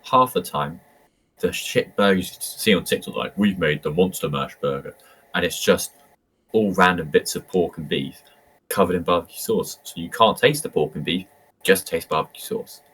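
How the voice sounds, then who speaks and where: Deep-voiced man ranting on a podcast. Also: moderate pace, fairly bright tone, slight background noise. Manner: ranting, emphatic and sweary. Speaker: podcast co-host. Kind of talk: casual podcast chat.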